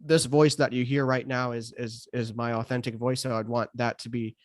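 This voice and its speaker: A man's voice: medium pitch, level tone, moderate pace, no echo. Thirties American male comic, conversational podcast guest, stops and restarts a lot, dry close sound. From United States. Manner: hesitant, many restarts and fillers. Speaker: stand-up comedian guest.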